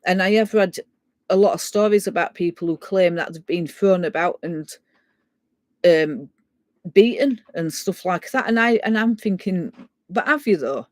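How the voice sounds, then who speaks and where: A woman's voice: fairly low pitch, moderate pace, no room sound. Woman chatting thru a spooky story, lots of restarts, dry close sound. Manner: animated, stumbling restarts, chatty. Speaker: guest sharing a ghost story. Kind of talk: casual live storytelling.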